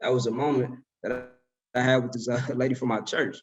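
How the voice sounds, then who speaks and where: A man's voice: mid-range voice, fairly even intonation, fast talker, far from the mic, dull audio. A man in his twenties telling a story in a casual, slangy way as a speaker at a summit. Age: 20s. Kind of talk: motivational talk.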